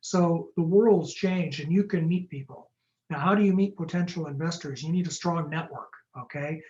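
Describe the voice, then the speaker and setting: A man, a startup lawyer, giving a quick, jokey webinar talk and answering audience questions over a video call. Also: fairly high pitch, a little mellow, lo-fi sound. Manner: fast-talking, jokey and upbeat.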